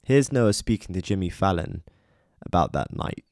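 A man with a very deep, dark voice narrates a biography from a script. He is measured and speaks straight to the listener, and the recording is close and dry. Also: lively intonation, no room sound. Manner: measured, addresses listener directly. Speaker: documentary narrator.

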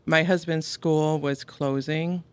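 A woman's voice: deep voice, steady tone, slow pace, clean tone, no room sound. A middle-aged woman from upstate New York, a podcast guest chatting casually, answering in short replies and laughing often. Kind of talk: casual interview conversation.

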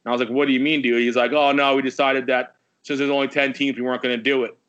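A man's voice: mid-range voice, quick pace, smooth. A man in casual sports chat, telling a story with plenty of swearing. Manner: animated storyteller, swears a lot. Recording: dull lo-fi sound.

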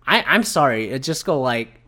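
Here a man rants about current events in a casual, heated, rambling way, cursing often and slipping into impressions of others as quoted asides. His medium-pitched voice is very animated, bright, and forceful, at a normal speed.

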